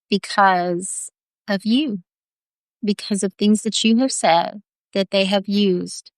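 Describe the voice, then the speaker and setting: A woman leads a guided healing visualization in a slow, soothing voice. She keeps calling the listener honey, and her tone has a gravelly edge. The sound is dry and close. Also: medium pitch, no echo. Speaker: healer leading a guided visualization. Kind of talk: guided visualization on a live video.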